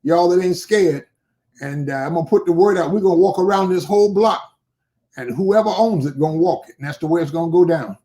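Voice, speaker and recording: An older man with a somewhat high voice, speaking as a guest bishop in an interview. He tells his story with animation and brings its characters to life by voicing their lines himself. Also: a little fast. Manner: animated storyteller who acts out quoted dialogue.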